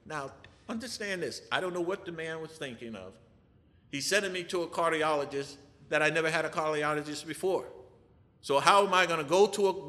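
A man tells a church testimony with a bright, forceful voice pitched a little high. His speech is animated and full of rhetorical questions for the congregation, and it rings out in the long reverb of a big hall. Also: fairly quick. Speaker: person giving a testimony.

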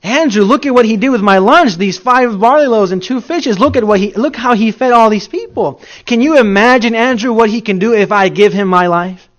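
A man's voice: on the high side, lively intonation, normal speed, slightly rough. A man preacher voicing an eager, wide-eyed little boy sharing his lunch. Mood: amazed.

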